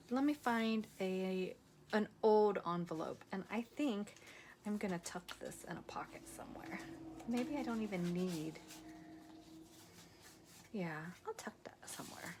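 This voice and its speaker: A tired woman hosting a crafting video, chatting casually and softly, at times dropping to a whisper as she works. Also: medium pitch, a little hiss or hum. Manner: soft-spoken, drifts into whispers while working.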